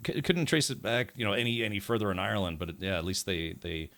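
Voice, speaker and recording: A man's voice: lowish voice, lively intonation, fast, fairly bright tone. An American man commentating his gameplay live, chatty and rambling with many asides. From United States. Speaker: game streamer.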